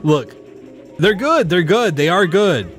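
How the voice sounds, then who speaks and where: Rambling, slow-talking game streamer. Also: medium pitch, very animated, soft background music. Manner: rambling, breaks into long fits of laughter. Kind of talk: casual chat with live stream viewers while gaming.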